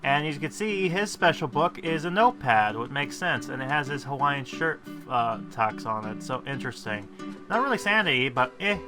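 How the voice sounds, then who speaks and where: A man's voice: mid-range voice, lively intonation, moderate pace, music in the background. A man casually commentating while playing a game, rambling and poking fun at himself. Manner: rambling, self-deprecating, with frequent fillers. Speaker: gaming video host.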